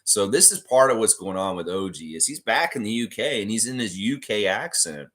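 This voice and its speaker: A man hosting a casual livestream chat, rambling in a relaxed way and reading viewer comments aloud. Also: lowish voice, a little fast. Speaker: livestream host.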